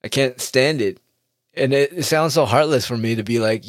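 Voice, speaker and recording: A man's voice: medium pitch, normal speed, no echo. Guy ranting, sarcastic, cussing, laughs a lot, dry close sound. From United States. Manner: sarcastic, profane, laughing often. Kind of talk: comedic rant.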